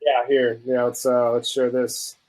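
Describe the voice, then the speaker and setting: A young adult man and host of a food channel, chatting casually and telling a story with lively acted-out quotes. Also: medium pitch, a little slow, poor audio. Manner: animated storyteller, acts out quotes.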